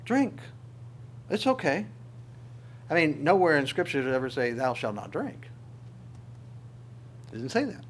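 A man's voice: mid-range voice, big pitch swings, moderate pace, pauses often, slight background noise. A male pastor preaching a sermon, reading scripture aloud with his own commentary and asking the congregation rhetorical questions.

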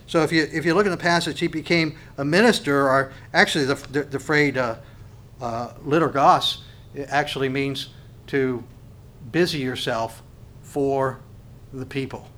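A man preaching a sermon, swinging between loud emphatic rises and quiet, slow phrases, often restarting and repeating words as he goes. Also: medium pitch. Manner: restarts and repeats words while thinking aloud.

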